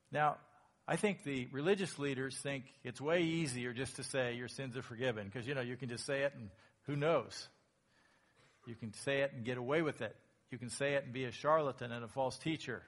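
A man preaching a sermon as pastor, lively and emphatic, acting out quoted lines in a raised voice. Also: medium pitch.

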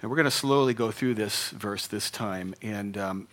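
A man's voice: lowish voice, moderate pace, fairly bright tone. A middle-aged man preaching a sermon in an earnest, conversational way, rising to bursts of emphasis. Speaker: pastor.

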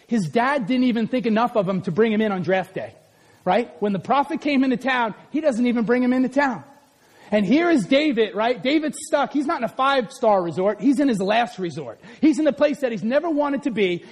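A man in his forties preaching a lively sermon, who often breaks into shouts as he acts out scenes. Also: very high voice. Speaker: pastor who also teaches school.

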